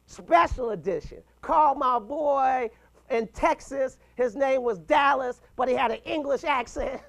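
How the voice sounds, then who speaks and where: A man in his fifties giving an animated, punchy motivational talk to a mastermind group, chuckling between points. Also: very high-pitched, unhurried, creaky. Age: 50s.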